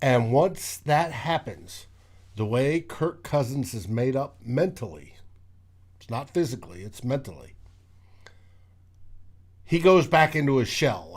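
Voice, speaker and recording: A man hosting a casual sports talk show, animated and acting out quotes with sudden loud bursts. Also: mid-range voice, measured pace. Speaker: podcast host.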